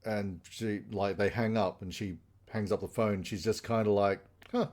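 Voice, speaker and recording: A man's voice: lowish voice, steady tone, normal speed, darkish tone. A man on a casual podcast chat, retelling TV episodes in a loose, rambling way full of fillers and restarts. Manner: rambling plot recap with many fillers. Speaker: podcast co-host.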